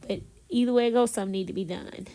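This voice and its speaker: A woman recording a casual, chatty voiceover in her bedroom, talking softly, laughing at herself and speaking straight to her viewers. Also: on the high side, rapid-fire. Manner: talks softly so as not to disturb someone nearby. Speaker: planner vlogger. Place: bedroom at home.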